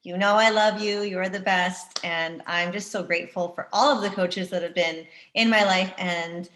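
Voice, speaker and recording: A woman's voice: fairly low pitch, steady tone, moderate pace, a bit bright, roomy sound. A woman from Canada, an Olympic runner, chatting casually on a panel over a video call and laughing easily.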